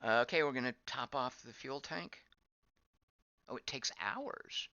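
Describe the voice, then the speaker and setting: A man's voice: mid-range voice, expressive, measured pace, bright, forceful tone, dry recording. A man giving casual gameplay commentary as he plays, thinking aloud, wondering and reacting to what is on screen. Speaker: game streamer. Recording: dull lo-fi dry voice track.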